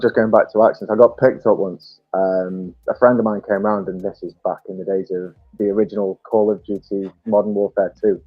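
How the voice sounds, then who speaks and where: A man's voice: lowish voice, no room sound. A man with a Stoke-on-Trent English accent, chatting casually and telling anecdotes with frequent laughs. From England. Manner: chatty storyteller, laughs often. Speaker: podcast guest. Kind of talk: casual chat. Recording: dull lo-fi dry mic with faint music.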